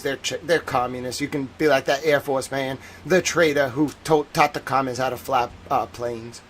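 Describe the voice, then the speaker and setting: A man hosting a livestream commentary, talking in an excitable, rambling way and often repeating himself. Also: mid-range voice, normal speed, hardly any pauses. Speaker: host.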